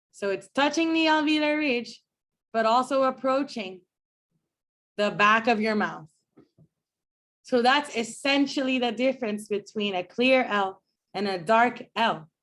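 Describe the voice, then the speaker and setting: A woman professor giving a phonetics lecture to a class, explaining clearly and demonstrating speech sounds slowly. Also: on the high side, a bit bright. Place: classroom with students.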